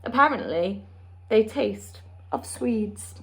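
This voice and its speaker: A woman reading the part of a brisk, commanding queen, speaking in a regal, clipped way. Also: on the high side, expressive.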